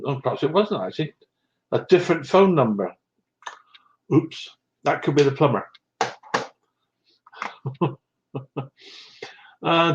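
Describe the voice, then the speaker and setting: On a poor-quality recording, a man with a fairly high voice hosts a live stream, casually reading out live comments. He greets viewers by name with little chuckles and sounds a bit short of breath.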